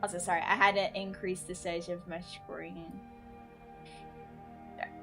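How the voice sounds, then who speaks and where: A woman's voice: fairly low pitch, level tone, unhurried, gravelly, over music. A woman streamer chatting casually with her viewers during a game stream, blunt and swearing freely. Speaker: VTuber streamer.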